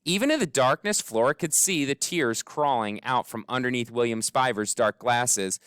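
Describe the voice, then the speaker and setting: A man narrating an audiobook in an expressive, wry storytelling manner. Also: mid-range voice, normal speed, clean tone, no echo, studio quality. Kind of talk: scripted narration.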